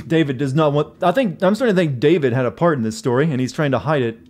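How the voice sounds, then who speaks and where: A man's voice: a little high, animated, quick pace, a little mellow. A man streaming himself reading a text adventure game aloud, playful and laughing, talking to his chat.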